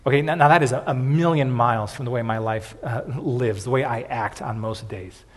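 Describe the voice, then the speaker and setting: An earnest male pastor preaching a sermon, his husky voice carrying a long reverb through a church hall. He often doubles words and drops "okay" between points, and his pitch sits in a middle range. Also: fairly quick.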